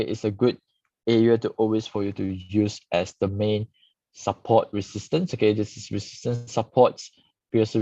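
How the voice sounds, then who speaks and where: A stock market analyst host with a lowish, darkish voice reviews charts live, explaining casually and tagging "okay" onto his remarks often. The recording is dull, lo-fi, and dry, with no room sound.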